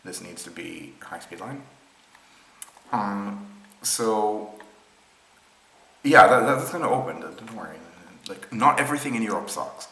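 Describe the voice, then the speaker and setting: A man's voice: on the low side, lively intonation, unhurried, pauses often, sharp tone. A man from Israel presenting rail maps in an unscripted screen-share explainer, thinking aloud with many ums and restarts. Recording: roomy echo with faint ambience.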